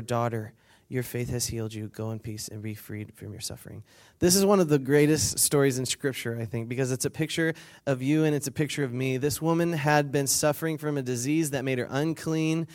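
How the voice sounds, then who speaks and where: A man's voice: medium pitch, darkish tone. A man preaching a casual, conversational sermon at a weekend retreat, reading scripture and acting out the people in it, laughing and asking the crowd to answer back. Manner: conversational, acts out quotes, asks the crowd for responses.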